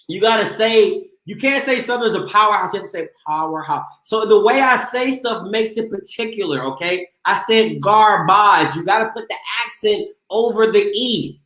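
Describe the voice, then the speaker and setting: A man's voice: high voice, sharp tone, roomy sound, low-quality recording. A man hosting a live call-in sports show, trash-talking playfully and boasting as he goes.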